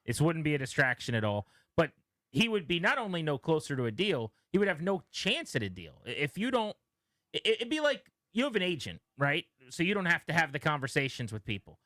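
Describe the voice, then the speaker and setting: A man's voice: a little high, big pitch swings, a little fast, a bit bright, dry recording. A man on sports talk radio with a slightly raised voice pushes back with pointed rhetorical questions. He presses his co-host and stumbles over repeated words as he argues. The recording is dry and close to the mic.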